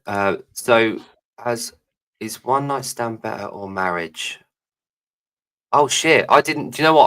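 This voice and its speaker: A man's voice: lowish voice, fairly bright tone. A man co-hosting a live podcast, rambling, jokey and swearing freely in casual chat. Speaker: podcast co-host.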